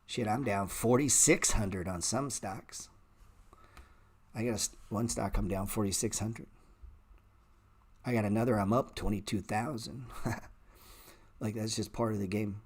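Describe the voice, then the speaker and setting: A middle-aged man hosting a stock trading livestream, talking bluntly and sarcastically with swearing, and jumping into animated, louder rants. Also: unhurried, long pauses. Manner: animated rants that jump in pitch and volume. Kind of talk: casual livestream chat.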